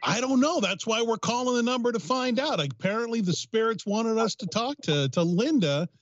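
Deadpan taunting prank caller, man. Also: very high-pitched, moderate pace, no room sound, lo-fi sound. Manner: mock-polite, taunting, deadpan. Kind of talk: prank phone call.

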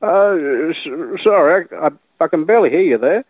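A man's voice: a little high, animated, moderate pace. An actor playing a confused, rambling old man who stammers and repeats himself over the phone. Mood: befuddled. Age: older. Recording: tinny phone line.

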